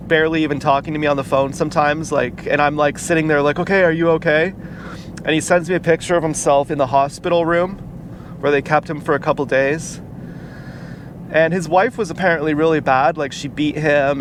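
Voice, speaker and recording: Recorded outdoors with clear car and street noise behind him, a vlogger tells a personal story. His voice sits a little high, and his delivery is casual and halting, full of fillers and restarts.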